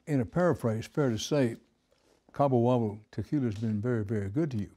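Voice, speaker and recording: A man interviewing a guest, asking measured, admiring questions. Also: medium pitch, mellow, slight background noise.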